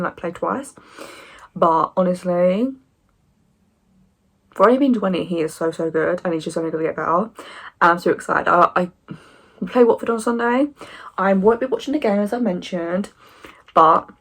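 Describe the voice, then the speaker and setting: A woman in her twenties talking casually to camera as a football fan vlogger, animated and opinionated with sarcastic asides. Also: mid-range voice.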